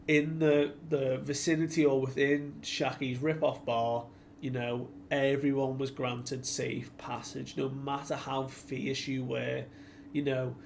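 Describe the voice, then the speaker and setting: A man's voice: medium pitch, vocal fry, a little hiss or hum. A man giving a casual, chatty recap of a comic chapter as a reviewer, slipping into the characters' lines as he retells them. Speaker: anime and manga reviewer.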